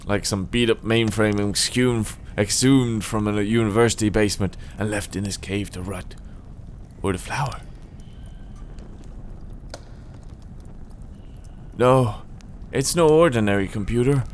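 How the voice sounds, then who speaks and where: A man's voice: fairly low pitch, normal speed, a little hiss or hum, close to an everyday voice. A man voicing an absent-minded old male scientist who mumbles, meanders and slips into a bad Irish lilt. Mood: musing. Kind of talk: let's play dialogue reading.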